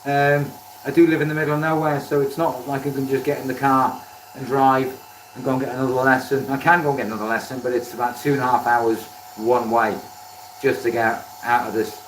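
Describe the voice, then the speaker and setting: A man's voice: mid-range voice, level tone, a little fast, a little hiss or hum. A man chatting casually on a live stream from his home workshop, self-deprecating and thanking viewers by name as he works. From Wales. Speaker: woodturning livestreamer. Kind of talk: casual live-stream chat while working. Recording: echoey workshop, mic at a distance.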